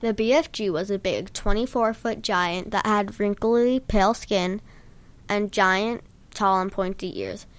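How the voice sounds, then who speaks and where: A woman reading a story aloud in a plain, steady storytelling manner with a few stumbles. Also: mid-range voice, measured pace. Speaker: reader.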